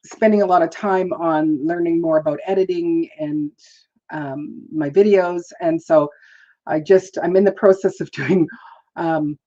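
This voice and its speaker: A woman's voice: on the low side, darkish tone, muffled recording. A woman hosting a live stream, chatting in a rambling, casual way, laughing often and greeting viewers. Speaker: livestream host.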